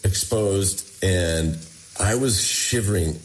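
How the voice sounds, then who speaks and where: Slow-paced and low-pitched, a man relates a personal ordeal he survived during a conversational interview. He brings the story to life by performing the words of others.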